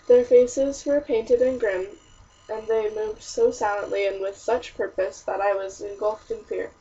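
A woman narrating a first-person historical story in an expressive, diary-like reading with a husky voice. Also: on the high side. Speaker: audiobook narrator. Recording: distant, muffled audiobook recording.

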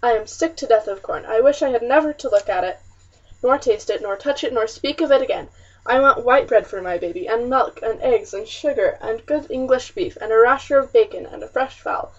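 Brief: a woman doing an anguished colonial mother at breaking point, high, muffled and distant. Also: a little fast, lightly acted. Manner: sobbing outbursts, then hushed and hollow. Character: grief-stricken pioneer mother, strong but breaking. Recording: muffled, slightly distant recording.

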